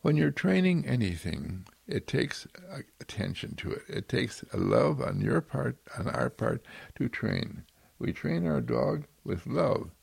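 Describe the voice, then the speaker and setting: A man giving a gentle, inspirational spiritual talk, repeating soft and loving affirmations. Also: mid-range voice, very animated, unhurried, gravelly, breathy edge, dry recording.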